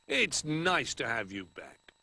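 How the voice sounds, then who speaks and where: A man voicing a calm, fatherly teddy bear. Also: mid-range voice, slow, gravelly, exaggerated voice. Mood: warm.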